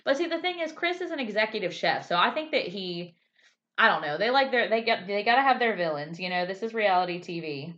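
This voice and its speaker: A woman co-hosting a casual podcast recaps a TV episode with animation, speaking a little fast in a mid-range voice. She's a lively storyteller who acts out quotes in a raised voice. The sound is slightly dull and lo-fi.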